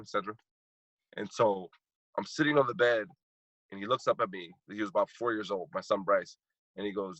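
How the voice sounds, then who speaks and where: Earnest husky-voiced man. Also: on the low side, brisk, fairly bright tone, no echo, dull audio. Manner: heartfelt, earnest, repeats phrases for emphasis. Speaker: guest speaker and coach. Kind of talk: emotional personal storytelling.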